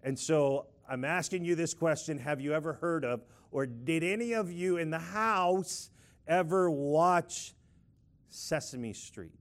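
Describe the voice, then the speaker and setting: A middle-aged man preaching a lively sermon, playfully leading the congregation in call-and-response and prayer. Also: on the high side, a little slow.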